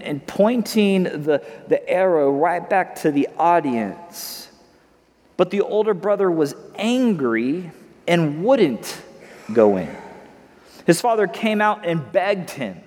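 High-voiced man preaching in a hall. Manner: conversational preaching with frequent word repeats. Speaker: pastor. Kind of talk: sermon. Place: church hall with congregation. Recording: long hall reverb.

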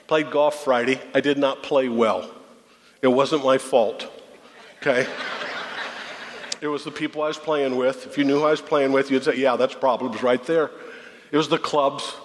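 A man's voice: mid-range voice, a bit bright. Folksy man preaching in a reverberant hall. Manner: folksy, conversational, rhetorical questions. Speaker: pastor. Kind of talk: sermon. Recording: long reverb of a large hall.

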